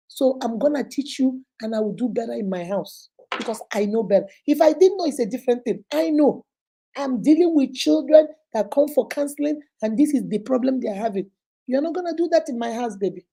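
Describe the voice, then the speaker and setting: A middle-aged woman hosts a chatty live stream, greeting viewers by name. Her voice is a bit high yet mellow and soft-edged. She lectures with animated conviction. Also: brisk, breathy edge, poor audio. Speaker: host and counselor.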